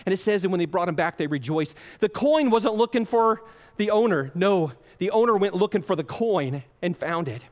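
Guy preaching hard, high voice jumping all over, big echoey church hall. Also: expressive, normal speed. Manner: impassioned, swings from loud pleading to hushed. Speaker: pastor. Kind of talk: sermon.

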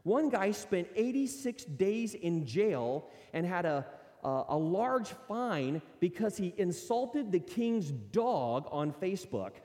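A man preaching a sermon as a pastor, animated and conversational, now and then acting out excuses in character voices. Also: high-pitched, slow, long reverb tail.

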